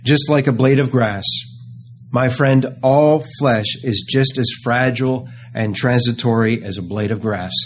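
A man preaching a sermon, earnest and emphatic, slowing down to stress key phrases. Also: medium pitch, slight background noise.

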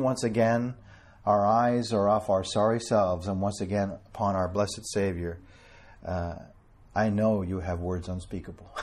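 A man delivers a sermon to a small congregation in a husky, somewhat low voice. He is earnest and fervent, slowing down to stress scripture quotations, with a chuckle now and then between lines. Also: a little mellow. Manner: quotes King James scripture with a chuckle between. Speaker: preacher.

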